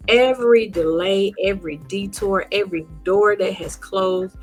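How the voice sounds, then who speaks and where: A woman hosting an inspirational talk, speaking gently and encouragingly straight to her listeners. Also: medium pitch, moderate pace, faint music behind. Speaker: host.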